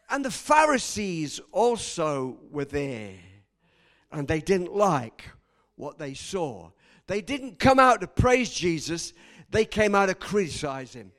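Dramatic high-voiced male preacher. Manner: dramatic, swings from shouting to hushed; acts out quoted voices. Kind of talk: sermon.

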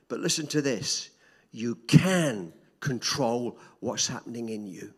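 An older man preaching a sermon, swinging between loud emphatic repetition and soft hushed drops. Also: mid-range voice, expressive, unhurried, breathy edge.

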